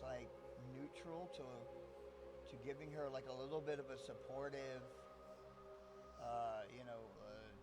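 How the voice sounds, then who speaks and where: A man's voice: mid-range voice, noisy background. A man chatting casually on a live stream, rambling and swearing often, laughing between thoughts.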